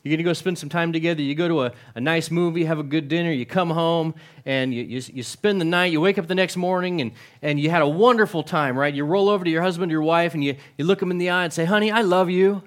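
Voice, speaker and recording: A man's voice: fairly high pitch, fast, hardly any pauses. A middle-aged male pastor giving a conversational sermon, often asking the congregation questions and repeating words.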